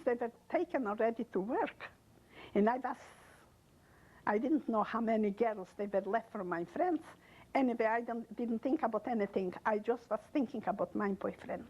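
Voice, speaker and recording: Older woman with a husky voice. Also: on the high side, a little mellow, poor audio. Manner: halting, emotional, broken non-native grammar. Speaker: interviewee. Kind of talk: oral history testimony.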